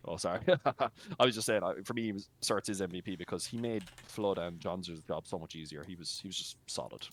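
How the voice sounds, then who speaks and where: A man's voice: low voice, fast, fairly bright tone, slight background noise. A man co-casting a match, giving blunt, teasing post-match commentary with lots of fillers. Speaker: esports co-caster and league admin.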